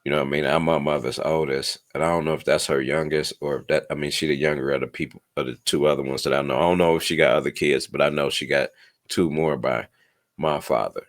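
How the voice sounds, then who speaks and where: A man's voice: a bass voice, fairly even intonation, quick pace. A man in his twenties telling a personal story in a casual, laid-back way, swearing often and checking in with his listener. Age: 20s. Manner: laid-back, swears a lot, keeps asking "you know what I'm saying".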